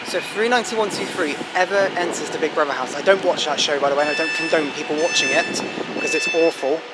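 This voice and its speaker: A man giving casual, excitable commentary on trains at a busy station, with chatty self-deprecating asides. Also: a little high, quick pace. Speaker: trainspotting vlogger. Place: busy railway station platform. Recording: loud station noise from trains.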